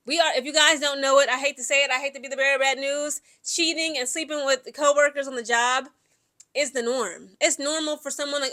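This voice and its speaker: Brief: young woman, high bright voice, animated and opinionated vlog commentary. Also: fairly quick. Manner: animated, opinionated, full of filler words. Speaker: commentary vlogger.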